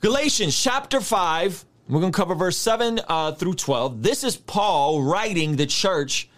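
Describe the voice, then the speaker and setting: A man preaches through scripture passages with a high voice that swings widely up and down. He talks straight to his listeners and slips into theatrical mock outrage. His delivery is lively and conversational. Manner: animated, mock-outraged asides; addresses listeners directly, conversational. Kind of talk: sermon-style scripture teaching.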